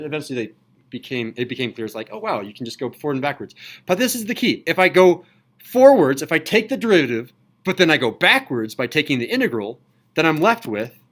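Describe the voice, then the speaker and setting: Upbeat male math teacher lecturing. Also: a little high. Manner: enthusiastic, asks students questions. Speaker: high school math teacher. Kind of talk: classroom lecture. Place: classroom.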